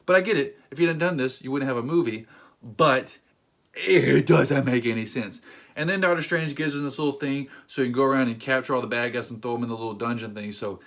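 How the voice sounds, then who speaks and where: A man's voice: medium pitch, fairly quick. Exasperated man ranting about a movie. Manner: exasperated, incredulous, emphatic outbursts. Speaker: movie reviewer. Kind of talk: ranting commentary.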